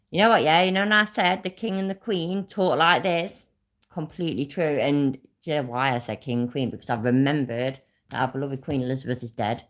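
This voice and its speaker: A woman from Leicester with an East Midlands accent, hosting a casual live stream and ranting in rambling, sweary bursts that speed up. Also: low voice. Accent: East Midlands English. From Leicester, England.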